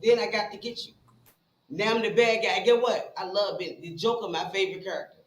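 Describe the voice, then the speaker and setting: A woman's voice: mid-range voice, a little fast, reverberant, poor audio. A woman in her forties from Richmond, talking casually as a live stream guest in a blunt, profane, heated way. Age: 40s. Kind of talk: casual chat.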